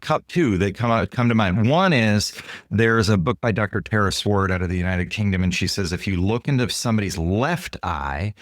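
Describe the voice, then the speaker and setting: A man, a guest author and consultant, explaining ideas in an interview with lively stories. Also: lowish voice, normal speed, no echo, clean studio sound. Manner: animated, acts out dialogue in quoted voices. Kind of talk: storytelling interview answers.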